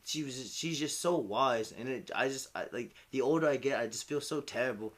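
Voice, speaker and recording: A man's voice: medium pitch, a little fast, fairly bright tone. A young man in casual chat as a streamer, rambling, heartfelt and profane. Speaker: hip-hop commentary streamer.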